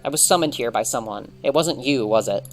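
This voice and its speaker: A man's voice: mid-range voice, brisk, soft background music, close to an everyday voice. A man voicing a verbose, flustered adult chief regulator who stammers through polite phrases.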